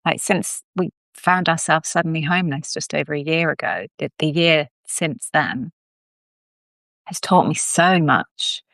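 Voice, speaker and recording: A woman speaking calmly and reflectively in a casual chat on a video call. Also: sits low, unhurried, no room sound. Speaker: co-host.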